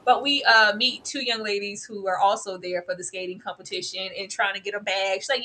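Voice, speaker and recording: Animated woman reviewer, bright voice. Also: medium pitch, brisk, hardly any pauses, poor audio. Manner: animated, slips into playful character voices and laughs often; familiar, peppered with "girl" and "baby". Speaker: co-host reviewing a TV series. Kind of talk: casual review chat.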